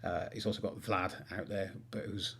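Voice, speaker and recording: A man's voice: low voice, level tone, normal speed, a little hiss or hum. A male author on a livestream, rambling with many fillers, talking about writing and then reading aloud.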